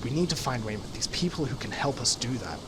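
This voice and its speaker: A man reading a calm, level female agent. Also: mid-range voice, noisy background, lightly acted. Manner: level, measured. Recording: game music behind.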